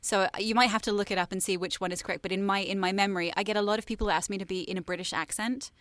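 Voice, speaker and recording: A woman's voice: mid-range voice, steady tone, a bit bright, no echo. Chatty American woman with faint Southern twang. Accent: American with slight Southern twang. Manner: chatty, self-deprecating, quick asides. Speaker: voice actor guest. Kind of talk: casual interview chat.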